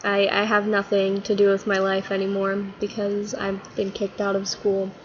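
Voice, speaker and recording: A woman's voice: medium pitch, completely flat delivery, normal speed, highs cut off, slight background noise, close to an everyday voice. A woman doing a whiny troubled schoolboy. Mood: glum. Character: sad, confused schoolboy who keeps getting in trouble.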